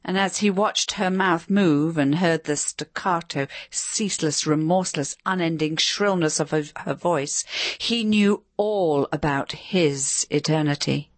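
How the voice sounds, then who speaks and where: A woman narrating a story in a measured, expressive reading. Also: deep voice, no room sound. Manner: measured, expressive, varied delivery.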